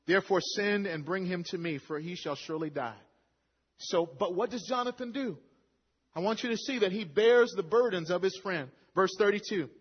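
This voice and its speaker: A high-voiced, husky man delivers a sermon, chatting through scripture and then pressing hard on the key lines. The recording is dull and lo-fi, and his voice rings out with the long reverb of a large hall. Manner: conversational preaching, quoting scripture with rising emphasis. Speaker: pastor.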